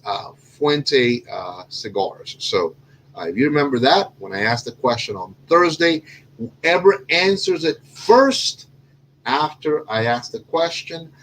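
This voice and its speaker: A man from Cuba hosts a relaxed cigar talk show. He rambles, restarts sentences and fills pauses with plenty of "uh"s at a mid-range pitch. A faint hum sits under his voice. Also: rough recording. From Cuban. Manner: rambling, self-correcting, lots of fillers. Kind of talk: casual chat.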